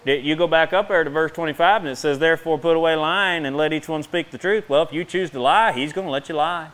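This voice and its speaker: A middle-aged man preaching a sermon in a fast, folksy way, with bursts of emphasis between quick asides. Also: a little high, a bit bright.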